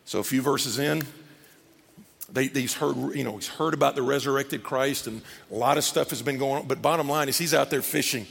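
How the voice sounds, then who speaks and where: A man preaching a sermon as pastor, animated, acting out scripture scenes. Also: mid-range voice, fairly quick, gravelly, slightly rough. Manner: animated, acts out scripture scenes in character voices. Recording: long reverb of a large hall.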